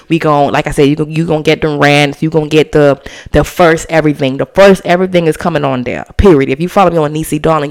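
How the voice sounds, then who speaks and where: Chatty woman podcast host. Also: low voice. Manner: animated, chatty, drops into slang and cussing. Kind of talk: casual solo podcast chat.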